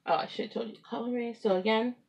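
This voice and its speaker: A woman hosting a home craft podcast, talking casually and rambling, often laughing and clearing her throat. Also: fairly high pitch, fairly even intonation, racing, darkish tone. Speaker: knitting podcast host. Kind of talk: casual craft chat to camera. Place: at home with pets.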